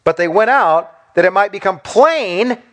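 A male preacher delivers an animated sermon. His voice sits a bit high and rises and falls a great deal. He keeps asking his listeners rhetorical questions and briefly acts out the people he quotes. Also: unhurried. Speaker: pastor.

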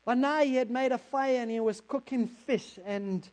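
A man's voice: very high voice, moderate pace, voice pushed up, rough recording. A man preaching in character as the apostle Peter, an impulsive fisherman retelling his story in the first person. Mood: excited. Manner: first-person storytelling, swelling to excited outbursts. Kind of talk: dramatic monologue in a sermon.

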